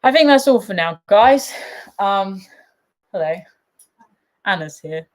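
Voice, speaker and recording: A woman's voice: medium pitch, lively intonation, slow pace. Emotional woman hosting a chat. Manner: warm-hearted, emotional, laughs often. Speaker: host. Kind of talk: live chat.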